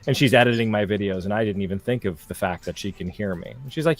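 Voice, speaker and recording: A young man co-hosting a crafting livestream, chatting casually in a jokey, animated way with frequent restarts. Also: fairly low pitch, quick pace.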